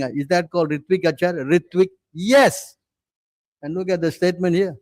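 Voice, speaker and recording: A man's voice: sits high, fairly even intonation, moderate pace, a little mellow, no room sound. A man giving a scripture class as a preacher, insistent and hammering points home, constantly asking his listeners questions and demanding they listen. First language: English. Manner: insistent, repeatedly demanding attention.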